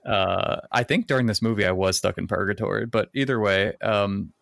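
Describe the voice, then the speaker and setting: A man's voice: on the low side, moderate pace, gravelly, a bit bright, no echo, studio quality. A man co-hosting a casual podcast, giving a rambling, sarcastic plot recap. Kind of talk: casual chat.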